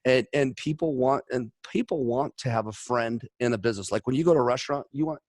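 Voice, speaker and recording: A man from Chicago hosting a podcast, a blunt, energetic storyteller who talks in a motivational way. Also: medium pitch, fast, no echo, studio quality. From Chicago, USA. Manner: energetic storyteller, acts out quotes. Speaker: host. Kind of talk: casual podcast conversation.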